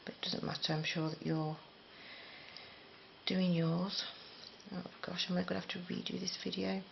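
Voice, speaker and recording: Chatty woman, low gravelly voice. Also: little pitch movement, moderate pace, a little hiss or hum. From England. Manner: chatty, rambling, self-deprecating. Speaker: crochet teacher. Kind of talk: casual spoken tutorial. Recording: slightly dull lo-fi recording.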